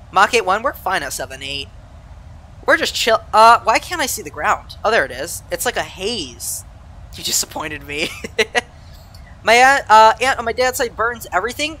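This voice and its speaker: Young adult from Southern California, live-stream chatter with a bright, lively voice that jumps up and down a lot. They talk casually to chat while flying, and laugh easily at their own expense. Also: mid-range voice. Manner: laughs easily, self-deprecating. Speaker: flight sim streamer.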